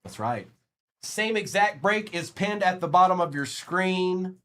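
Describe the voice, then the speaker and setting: A man's voice: sits high, animated, unhurried, sharp tone, a little hiss or hum. Chatty man calling out trading cards. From Virginia, US. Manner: rattles off player names, chatty asides to viewers. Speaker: card break streamer. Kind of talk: live-stream card break commentary.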